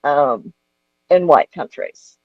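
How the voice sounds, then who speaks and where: Actress w a lowish voice, frank and lively, dull dry clip with hum in it. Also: female voice, takes it slowly, no room sound. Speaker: actor interviewed in a film. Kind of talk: candid interview storytelling.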